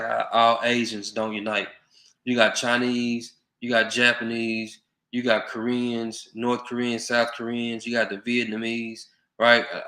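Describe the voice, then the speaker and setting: Man with a bright, even voice, roomy. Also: medium pitch. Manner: earnest, advising viewers directly. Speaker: vlogger. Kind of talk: casual monologue to viewers. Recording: roomy echo.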